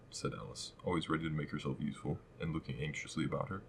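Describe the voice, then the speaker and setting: Male audiobook narrator, very deep, measured, storybook reading. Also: fairly even intonation, slight background noise, poor audio. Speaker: audiobook reader.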